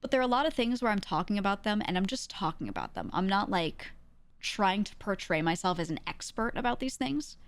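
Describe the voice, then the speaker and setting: A woman streamer chatting casually with viewers in a measured, even way, using casual slang and laughing often. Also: mid-range voice, no room sound.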